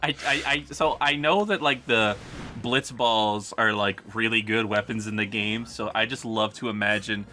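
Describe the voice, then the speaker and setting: A man's voice: on the low side, moderate pace, faint music behind. A man chatting and teasing his friend as they play a video game together. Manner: lively, teasing banter. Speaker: co-commentator. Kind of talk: casual gaming commentary.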